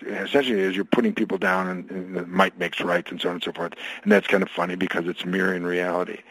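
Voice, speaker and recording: Gravelly, husky man telling jokes animatedly. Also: low-pitched, fast talker, no echo, rough recording. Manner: animated storyteller, lively joke-telling. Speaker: author guest. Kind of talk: radio interview conversation.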